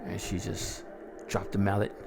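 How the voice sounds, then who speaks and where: A man narrating a first-person horror story in a gleeful, chuckling, drawn-out way. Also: on the low side, monotone, vocal fry, noisy background.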